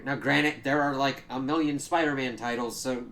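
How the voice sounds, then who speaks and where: A man at an ordinary middle pitch talks loosely through a comic book review. He fills his speech with "kinda" and "like" and swears freely. He keeps breaking into quick acted-out reactions. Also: fairly even intonation, fairly bright tone. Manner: loose and rambling, full of fillers and swearing, acting out quoted reactions. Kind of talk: casual spoken review.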